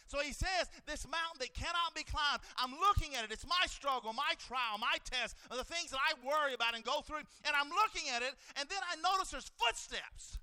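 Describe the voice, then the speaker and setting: A man preaching a fervent sermon in a church, repeating phrases and rising into shouts. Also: very high voice, expressive, a little fast, no room sound.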